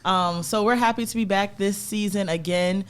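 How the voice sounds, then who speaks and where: A woman's voice: mid-range voice, moderate pace, smooth. A woman co-hosting a podcast in casual chat, friendly and reading out notes to introduce a guest. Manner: friendly, reads from notes at an even pace. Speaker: podcast co-host.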